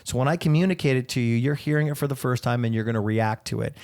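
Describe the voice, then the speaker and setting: Man, podcast co-host, gravelly, casual chat, swears freely. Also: medium pitch, fast, darkish tone. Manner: earnest then joking, swears freely.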